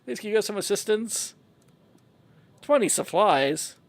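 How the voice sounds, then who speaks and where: A man with a notably high speaking voice plays through a story game off the cuff, reading every character's lines aloud in his own playful way. He's animated but keeps a measured pace.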